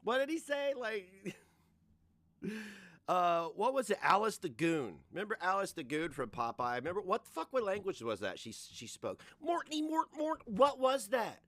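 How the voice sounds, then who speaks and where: A man's voice: high-pitched, moderate pace. A man hosting a reaction show, ranting and joking with lots of cursing and frequent laughter. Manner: profane, laughs often, animated. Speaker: host.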